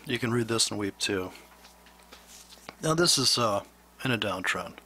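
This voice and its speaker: A man's voice: lowish voice, animated, unhurried, bright, forceful tone, breathy edge. A man giving a rambling trading lesson over a chart on his screen, blunt and sarcastic as he talks. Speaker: trading instructor.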